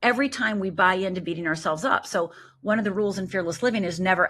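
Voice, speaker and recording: A middle-aged woman, a life coach, talking in an animated, emphatic way as an interview guest. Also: medium pitch, fast talker, hardly any pauses. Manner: animated, emphatic, lively storytelling with quoted voices. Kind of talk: conversational interview.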